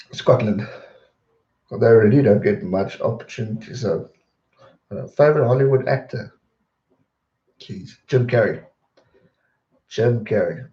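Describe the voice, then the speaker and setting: A young man, chatting casually on a live stream and answering viewer questions in a rambling, relaxed way. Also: on the low side. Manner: relaxed, rambling, repeats words when distracted. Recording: dull roomy home stream audio.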